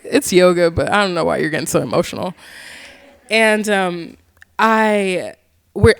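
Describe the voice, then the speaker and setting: Animated, casual young woman storyteller. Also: mid-range voice, clean tone. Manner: animated, swears casually, heavy use of "like". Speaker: yoga teacher and author. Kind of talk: candid storytelling talk.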